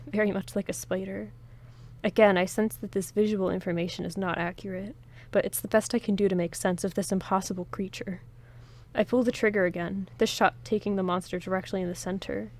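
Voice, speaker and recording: This woman's mid-range voice has a darkish tone. Narrating an interactive story game in the first person, she reads with dramatic flair, pausing at times for chatty, joking remarks to her audience before picking the story back up.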